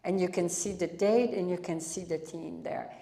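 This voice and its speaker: A French-accented spiritual teacher gives a satsang talk to a live audience, drawing out her phrases and often restarting them. Her voice is lowish and warm, with fairly even intonation and vocal fry.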